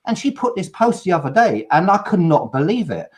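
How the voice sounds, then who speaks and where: A man's voice: high-pitched, very animated, fairly quick. A man hosting a live online chat, upbeat and reading out viewer comments. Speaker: host of a live cruise chat. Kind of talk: casual live-stream chat.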